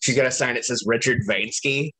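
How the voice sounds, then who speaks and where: A man's voice: medium pitch, fairly quick, husky. Man swearing through a travel story. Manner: profane, animated anecdote-telling. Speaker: podcast co-host. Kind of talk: casual storytelling chat.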